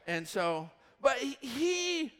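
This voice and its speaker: Animated pastor with a bright, high voice. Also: male voice, slow pace, in a large hall. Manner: animated, rambling storyteller. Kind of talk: storytelling sermon. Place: church hall.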